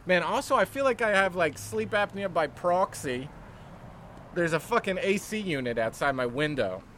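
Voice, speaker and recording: A man's voice: high voice, lively intonation, normal speed, a bit bright, a little hiss or hum. A young man and comedian venting casually, blunt and profane, sounding overtired. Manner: blunt, swears often, tired venting. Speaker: stand-up comedian. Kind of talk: casual chat.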